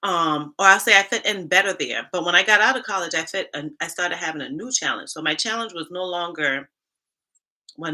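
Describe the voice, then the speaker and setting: A woman from Charleston, South Carolina, speaks with a Gullah Geechee accent in a deep, pushed, bright voice. She hosts a casual HR livestream, chatting away and talking straight to her viewers in the chat.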